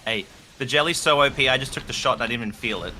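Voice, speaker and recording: An Australian man in casual voice-chat banter with a fellow streamer, excitable and boastful. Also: mid-range voice, quick pace, a little hiss or hum. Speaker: co-streamer guest.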